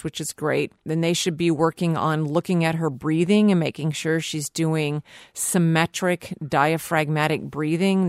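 A woman giving physical therapy advice to callers on a radio call-in show, explaining in a measured way. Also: low-pitched, no room sound, studio quality. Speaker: physical therapy expert guest.

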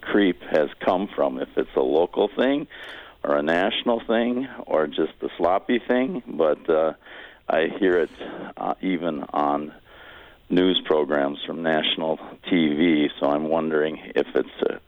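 A man's voice: rumbling low, unhurried, no room sound. A man calling in to a radio show, asking a rambling, thoughtful question. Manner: rambling, thoughtful, self-correcting. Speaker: caller. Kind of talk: call-in question. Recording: tinny phone line.

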